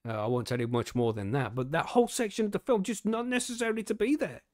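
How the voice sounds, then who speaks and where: High-pitched and quick, this male podcast host keeps things loose, cursing and bantering casually with plenty of filler words. The recording is dry and studio quality.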